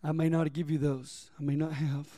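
A man's voice: on the high side, level tone, brisk, warm tone, no room sound. A man preaching a sermon as pastor, reading scripture and calling on the congregation to respond.

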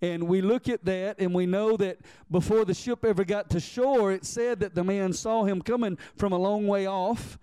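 High, mellow-voiced preaching man. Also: fairly even intonation, normal speed, hardly any pauses, clear, resonant tone, no echo. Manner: preaching, asks the congregation to answer back; reads scripture aloud in old-fashioned wording. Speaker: pastor. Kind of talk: sermon.

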